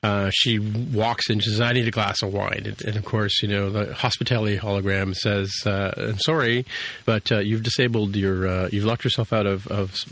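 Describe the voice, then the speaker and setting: Male podcast co-host, lowish voice, loose rambling recap, lots of ums. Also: flat delivery, moderate pace, fairly bright tone. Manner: rambling with many fillers and restarts. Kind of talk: casual chat.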